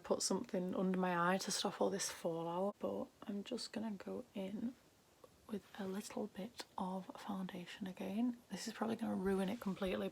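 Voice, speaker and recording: A young woman with a Northern English accent chatting casually while doing her makeup. She rambles, often drops into soft half-whispers, and lifts her voice at the end of sentences. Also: mid-range voice, gravelly, a little hiss or hum. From Northern England. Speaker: beauty vlogger.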